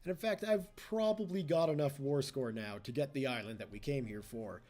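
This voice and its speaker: A man's voice: medium pitch, fairly quick, a little mellow. A man giving casual gameplay commentary as a let's play host, chatty and teasing the computer opponents.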